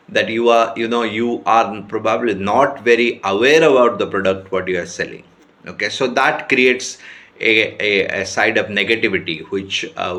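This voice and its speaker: A man teaching sales skills in an informal talk to camera, often checking in with his listeners and pausing on fillers. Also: fairly low pitch, pushed and bright. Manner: repeats checking questions and hesitates with many fillers. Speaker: sales trainer.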